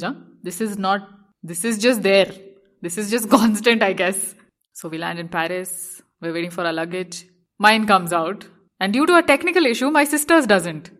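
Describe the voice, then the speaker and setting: A woman's voice: mid-range voice, lively intonation, moderate pace, a bit bright. A young woman, a fashion designer, telling a personal story and acting out her own anxious thoughts with animation.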